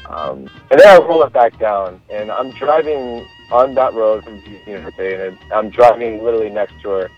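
A man in his thirties telling a personal story casually, with relaxed fillers, restarts and laughs. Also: lowish voice, moderate pace, hardly any pauses, muffled recording, faint music behind. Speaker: storyteller guest.

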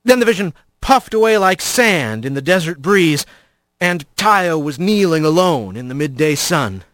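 A man narrating fiction in a dramatic, expressive audiobook reading. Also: a little high, measured pace, no room sound, studio quality.

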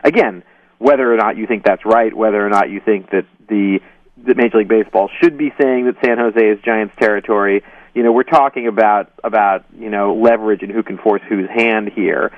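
A man being interviewed, speaking haltingly with many ums and you-knows and hedging as he explains. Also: fairly low pitch, steady tone, no room sound. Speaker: guest journalist. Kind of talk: phone-in interview. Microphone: phone. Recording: tinny distant phone line.

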